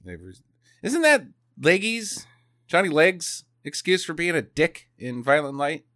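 A man's voice: fairly high pitch, a little slow, no echo, studio quality. A man co-hosting a podcast, joking casually about a movie and acting out its scenes. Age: adult parent. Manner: jokey, lively, acts out scenes. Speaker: podcast co-host. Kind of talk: casual chat riffing on a movie.

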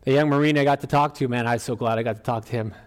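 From the front of a church, a middle-aged male pastor races through an animated sermon, often climbing higher and louder into emphatic exclamations. Between these peaks he drops back to a quieter, conversational tone.

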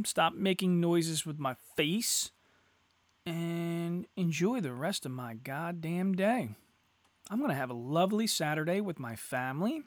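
Foul-mouthed ranting man, high and animated. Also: dry recording. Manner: crude, sarcastic, swearing freely. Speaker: podcast host. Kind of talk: profane solo rant.

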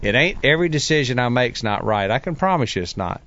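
A man, a pro bass angler chatting casually and acting out the voices in his head as he tells stories. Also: fast talker, highs cut off. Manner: animated storyteller who acts out voices in his head. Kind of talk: casual chat.

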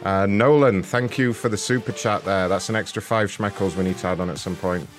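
A man hosting a show and making prank phone calls, delivering insults in a mock-polite, deadpan way. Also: fairly low pitch, fairly quick, music in the background. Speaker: host and prank caller.

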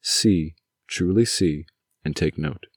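A man voicing an older father of the groom with a baritone voice, stern but pleading as he lays down firm commands. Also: slow pace, vocal fry, husky, no room sound, studio quality, full character voice. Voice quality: booming baritone.

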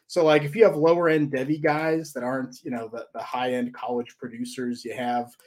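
A man in a casual podcast chat, talking at a middle pitch. He rambles loosely through his stories and tips, with frequent "um"s and restarts. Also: flat delivery, fairly quick, a little mellow. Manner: loose, rambling storytelling with fillers. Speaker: podcast co-host.

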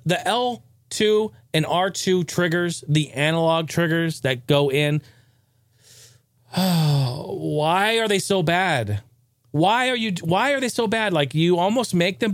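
A man's voice: sits high, no echo, studio quality. A man hosting a gaming show, ranting casually with profanity and jokes. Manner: profane, excitable, jokey.

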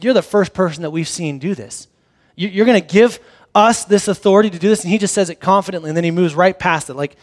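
A man with a fairly high voice delivers a sermon in a relaxed, talky way. He moves between reading scripture and animated asides, with a lot of back-and-forth energy in his delivery. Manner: conversational, animated, acts out the disciples' reactions. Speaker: pastor.

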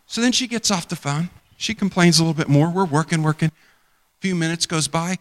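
With a high, animated voice at a moderate pace, this pastor rambles through a storytelling sermon and plays out the people he talks about. The church sanctuary adds a long, hall-like reverb.

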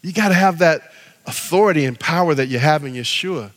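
A man preaching a sermon as pastor, animated, swinging from loud exhortation to hushed prayer. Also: a little high, a little fast. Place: church sanctuary. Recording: long reverb of a church hall.

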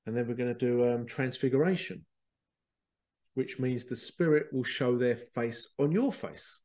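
A man, a spiritual medium hosting a show, telling stories in a chatty, animated way with laughter and the odd swear. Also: mid-range voice, moderate pace. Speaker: spiritual medium and podcast host. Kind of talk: casual storytelling.

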